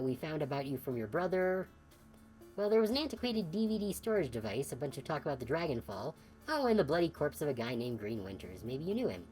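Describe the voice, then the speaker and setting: A woman voices a defiant female mercenary in a video game, blunt and sarcastic with rough language. Her low voice leaps around in pitch, with faint music behind. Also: a little mellow, poor audio. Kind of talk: video game dialogue read aloud.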